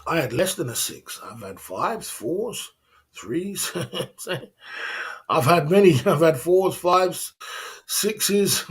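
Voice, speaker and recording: A man talks straight into his livestream, his voice sitting a touch higher than most men's. He lectures bluntly, hammering the same points over and over with street slang. Short laughs slip out between his lines. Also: lively intonation, extremely slow. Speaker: livestream host. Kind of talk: motivational livestream rant. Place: indoors in Thailand.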